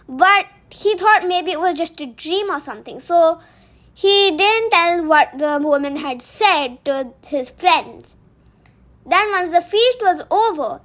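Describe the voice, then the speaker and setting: A woman's voice: extremely high pitch, pushed and bright. A woman hosting a podcast, retelling a book in a chatty way with fillers and asides. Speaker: podcast host.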